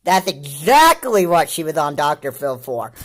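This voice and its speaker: A woman's voice: low-pitched, sing-song, normal speed. A woman giving casual commentary over video clips, rambling and repeating her points with many fillers.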